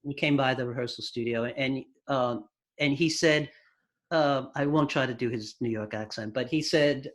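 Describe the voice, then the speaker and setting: A man telling stories from his music career as an interview guest, relaxed, with dry humor. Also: medium pitch, moderate pace. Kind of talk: casual interview storytelling.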